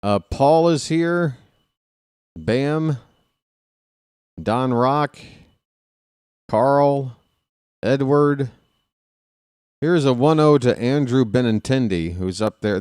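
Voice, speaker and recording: Man, live baseball play-by-play, chatty, greets viewers, smooth clear voice, dry close recording. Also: takes it slowly, long pauses, a little mellow, no room sound. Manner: casual, chatty, reads viewer names between pitches. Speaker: play-by-play streamer. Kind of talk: live play-by-play with chat shout-outs.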